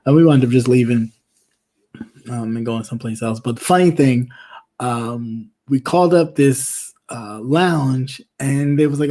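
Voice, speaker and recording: A man in casual chat, telling a story with lively acted-out voices. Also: mid-range voice, a little slow. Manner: animated storyteller, acts out quoted voices. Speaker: co-host.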